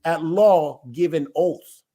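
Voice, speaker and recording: A man's voice: fairly high pitch, slow, dark tone. A man who leads a ministry, talking to his livestream viewers in an emphatic way, full of rhetorical questions and restarts. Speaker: ministry elder.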